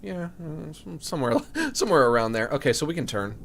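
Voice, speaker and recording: Guy streaming a game, bouncy lively pitch, jokey, yelps way up high when surprised, faint hiss behind. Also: brisk, vocal fry. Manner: animated, jokey, bursts into high shouts of disbelief. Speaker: streamer playing a horror game. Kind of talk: casual live-stream commentary.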